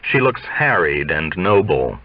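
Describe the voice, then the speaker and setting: A man narrating a literary novel aloud in a measured, deliberate way. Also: very deep voice, big pitch swings, a little hiss or hum. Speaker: audiobook reader. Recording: dry, dull lo-fi sound.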